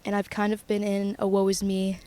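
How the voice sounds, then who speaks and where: Young woman, confessional vlog, flat pitch, halting pauses, earnest and emotional. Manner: reflective, halting, with long pauses and restarts. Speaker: vlogger.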